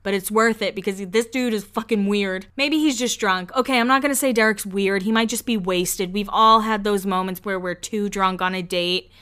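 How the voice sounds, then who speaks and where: Her voice is medium in pitch, a bit bright and smooth. She's a young woman hosting a podcast, casually recapping a reality show with lots of "like" and quick mimicry of the people she talks about.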